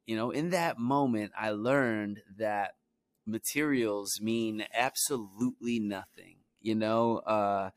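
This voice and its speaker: A man's voice: lowish voice, fairly even intonation, slow, no echo, clean studio sound. A young man from Brooklyn, New York, telling stories from his own life in a loose, rambling way, with plenty of "you know" and "like" fillers. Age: young adult. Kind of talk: casual storytelling.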